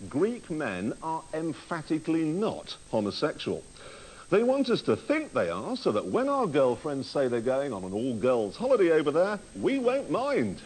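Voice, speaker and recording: A man's voice: fairly high pitch, wildly swooping pitch, normal speed, poor audio. A man hosting a comedy show, delivering a wry, mocking comic monologue to camera. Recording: loud background noise.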